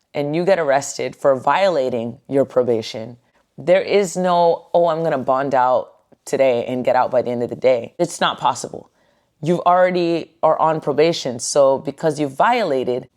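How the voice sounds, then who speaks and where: Low-voiced woman telling her own story. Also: darkish tone. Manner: goofy, joking, candid with casual swearing. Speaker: podcast host. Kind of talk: casual personal storytelling. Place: at home on her couch.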